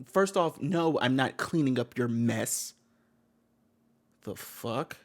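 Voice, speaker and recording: A man's voice: mid-range voice, lively intonation, takes it slowly. A man giving heated reaction commentary on a video, blunt and slangy, swearing and repeating himself.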